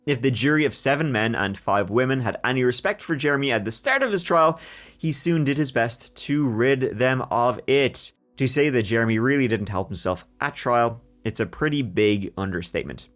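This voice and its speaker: A man hosting a true crime podcast, telling the story in a lively way with jokes along the way. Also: medium pitch, normal speed, faint music behind. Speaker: podcast host.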